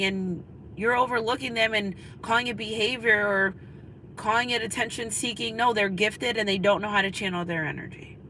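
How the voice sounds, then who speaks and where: A woman in her thirties talks straight to her viewers as their spiritual guide. Her voice is bright and a touch high. She preaches in a loose, casual way and keeps circling back to drive her advice home. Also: slight background noise, low-quality recording. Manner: preachy, repetitive, emphatic. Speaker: spiritual reader. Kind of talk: casual spiritual pep talk to camera.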